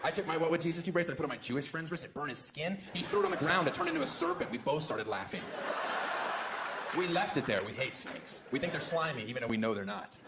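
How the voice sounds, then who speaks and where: A man's voice: a little high, lively intonation, quick pace, very noisy. A man from the United States doing a stand-up comedy set on stage, delivering sarcastic, provocative punchlines with sudden jumps into exaggerated voices. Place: stage in a large venue before a live audience. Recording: roomy live hall with loud crowd. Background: audience laughter and applause.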